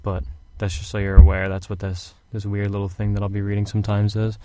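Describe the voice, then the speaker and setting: Flat-voiced man reading a fantasy book. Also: on the low side, fast, clear, resonant tone. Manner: casual rambling intro, then steady reading. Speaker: audiobook reader. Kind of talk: amateur audiobook reading. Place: hot room at home.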